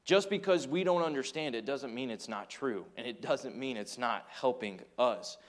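A man's voice: medium pitch, moderate pace. Earnest man preaching a sermon. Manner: earnest preaching with acted quotes and storytelling. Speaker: pastor.

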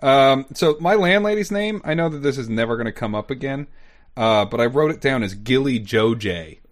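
Man, tabletop player, teasing, giggly, rambling, mid pitch, very animated. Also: moderate pace. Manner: teasing, laughs often, rambling. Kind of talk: casual tabletop game banter.

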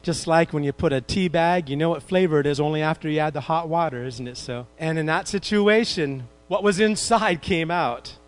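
A man preaching a sermon in an animated way, asking his congregation questions as he retells a story. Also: a little high, normal speed, few pauses, poor audio. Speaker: pastor.

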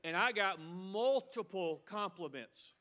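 A man's voice: high voice, animated, normal speed, sharp tone. A middle-aged male pastor preaching a sermon with emphasis, repeating a refrain and mocking excuses.

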